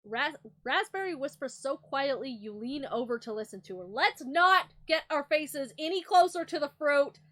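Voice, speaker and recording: A young adult woman streamer reading game text aloud and reacting in a casual, excitable, profane, mock-indignant way. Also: high-pitched, normal speed, hardly any pauses.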